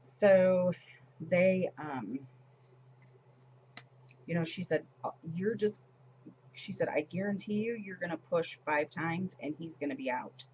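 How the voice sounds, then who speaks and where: A woman's voice: on the low side, slow, long pauses, darkish tone, dull audio, slight background noise. A woman in her forties chatting casually as she decorates her planner, retelling a story with lots of fillers and restarts. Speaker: planner vlogger.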